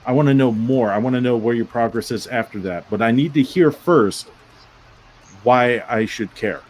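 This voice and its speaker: A man on an online panel gives direct, emphatic feedback in a coaching tone. His voice sits at an ordinary middle pitch. Faint background noise hums under his voice. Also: normal speed, darkish tone, rough recording. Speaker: panel judge. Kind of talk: casual online panel chat.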